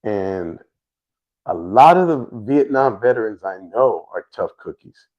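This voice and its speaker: A middle-aged man hosting a livestream, talking in a rambling, halting way with many restarts. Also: on the low side, expressive, a little mellow. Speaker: livestream host. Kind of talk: casual livestream chat. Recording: dull lo-fi stream audio.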